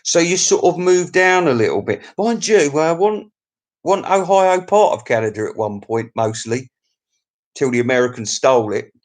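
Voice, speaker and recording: A man's voice: fairly high pitch, very animated, moderate pace. A man chatting on his own live stream into a desk mic. He rambles cheekily and crudely between viewer comments, laughing often. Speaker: YouTube live-stream host.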